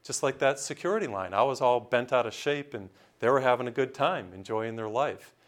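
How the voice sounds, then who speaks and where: Priest giving a sermon. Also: male voice, mid-range voice, expressive, a little fast. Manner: storytelling with voiced characters and jokes.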